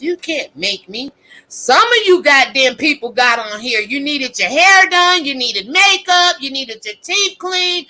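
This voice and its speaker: This low-quality recording, with slight background noise, features a woman content creator whose highish voice sounds pushed and bright. Her casual vlog rant is profane and fiery, full of scripture quotes and preaching.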